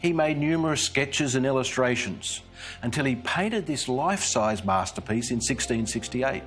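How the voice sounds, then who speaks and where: A man giving a scripted devotional presentation, telling it in an earnest, measured storytelling manner. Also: mid-range voice, expressive, a bit bright, faint music behind. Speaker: Christian speaker.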